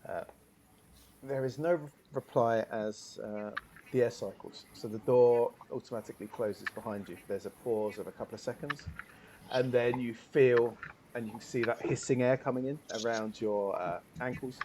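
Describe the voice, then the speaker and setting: A man narrating a tabletop game as game master, describing scenes slowly with many fillers. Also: mid-range voice, noisy background.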